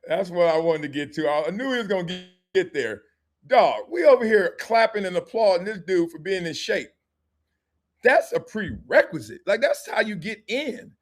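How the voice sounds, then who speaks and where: Middle-aged male host, high voice, loud joker who laughs a lot and acts out scenes. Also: big pitch swings, moderate pace. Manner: loud, laughing, mimics his kids in put-on voices. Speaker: show host. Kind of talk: casual sports talk, joking.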